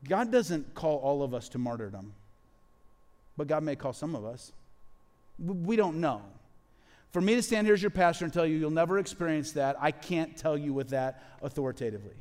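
A man preaching a sermon as pastor, animated and acting out quoted voices as he speaks. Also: a little high, normal speed, long reverb tail.

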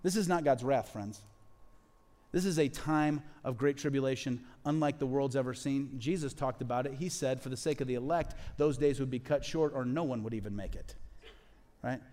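A man preaching a sermon as pastor, animated and acting out quoted voices as he speaks. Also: mid-range voice, normal speed, big-room sound.

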